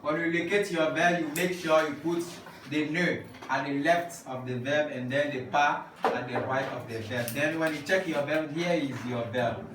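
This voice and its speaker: A man's voice: a little high, fairly even intonation, normal speed, noisy background. Man teaching in an echoey classroom. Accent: African English. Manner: drills the class with call-and-response. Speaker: French teacher. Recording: echoey room from far off.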